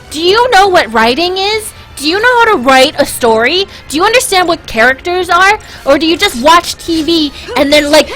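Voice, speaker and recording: A woman's voice: high voice, a bit bright. A woman streamer ranting angrily and profanely while playing a video game live, mimicking people in sarcastic quotes.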